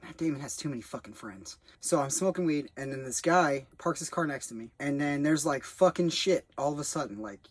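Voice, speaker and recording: A man's voice: a little high, animated, a little fast, hardly any pauses, dry recording. A young man rambling in a loose, profane way as he reviews a film he worked on as a background actor. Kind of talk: rambling casual monologue.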